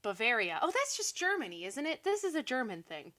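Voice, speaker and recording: Bright-voiced chatty young woman podcaster. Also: fairly high pitch, fairly quick. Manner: animated, chatty, laughs often, sarcastic asides. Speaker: podcast co-host. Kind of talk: casual movie recap chat.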